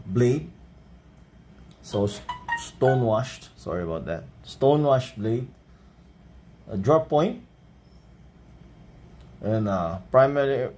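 A man's voice: mid-range voice, a little hiss or hum. A man with a Filipino accent unboxing and reviewing a knife, thinking aloud and correcting himself as he goes. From Philippines. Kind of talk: casual unboxing vlog.

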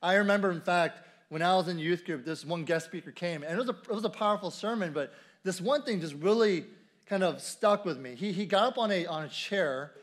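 A man's voice: high-pitched, brisk. A man preaching a sermon at a church service in a conversational way, repeating key phrases and asking the congregation questions. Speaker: pastor.

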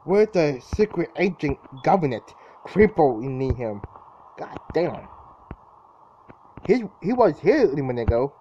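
A man's voice: fairly high pitch, sing-song, unhurried, mellow. A young man commentating his own gameplay in a casual, jittery way, exclaiming often and repeating himself. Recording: dull lo-fi mic with clear background noise.

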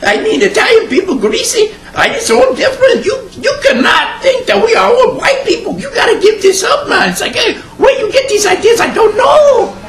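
Man doing an excitable Italian-American guy, loud laughing rant, high lively voice. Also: normal speed, hardly any pauses, exaggerated voice. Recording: echoey room with faint hum.

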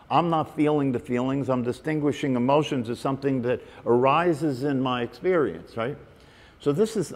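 A man in a hall with a long reverb tail leads a meditation talk in a conversational way. He keeps checking in with his listeners as he explains the practice, at a middle pitch. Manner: conversational, repeats "right?" and "you know". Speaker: meditation teacher. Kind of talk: spiritual talk to a group.

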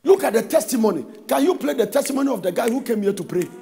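A man with a Ghanaian English accent preaching a sermon as pastor, swinging between shouted, sing-song exhortation and quieter storytelling. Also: extremely high pitch, animated, quick pace, creaky, slightly rough, long reverb tail. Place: church hall.

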